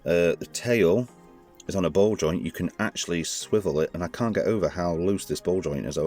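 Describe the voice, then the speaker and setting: Faint music plays beneath a hands-on toy review by a man whose voice is very low and deep, with a darkish tone. He talks at a moderate pace in a loose, chatty, rambling way, often correcting himself mid-sentence.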